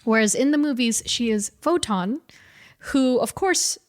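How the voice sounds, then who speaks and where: A woman co-hosting a podcast, casually recapping a comic story with lively storytelling, frequent laughs and fillers. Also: a little high, unhurried. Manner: animated storytelling, laughing often, many fillers. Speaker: podcast co-host.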